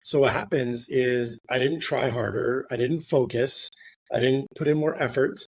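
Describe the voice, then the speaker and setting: A man's voice: mid-range voice, unhurried, breathy edge, no echo. A middle-aged man, a real estate agent, telling a casual story in an interview, rambling with lots of fillers, swearing now and then, and tagging "right?" onto his sentences.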